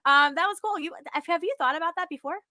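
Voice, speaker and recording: Bubbly high-voiced woman host. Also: fast, bright, forceful tone. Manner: bubbly, gushing, laughs often. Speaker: podcast host and acting coach. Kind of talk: upbeat live video interview. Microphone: video call.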